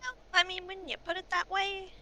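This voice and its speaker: A woman's voice: extremely high pitch, flat delivery, a little fast, bright, forceful tone, slight background noise. A woman chatting bluntly and casually as a player in a tabletop game.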